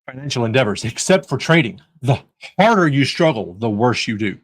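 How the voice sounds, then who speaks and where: Bright-voiced sarcastic American man host. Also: medium pitch, very animated, unhurried, poor audio. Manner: sarcastic, conversational storytelling. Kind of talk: live talk on faith and trading.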